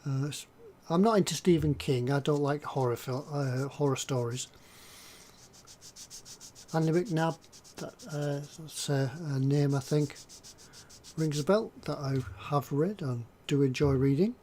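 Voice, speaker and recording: A man's voice: on the high side, unhurried, long pauses, darkish tone. An older man hosting a live stream, chatting casually and hesitantly as he reads out viewer comments. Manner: rambling, hesitant, lots of ums and restarts. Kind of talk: casual chat while reading viewer comments.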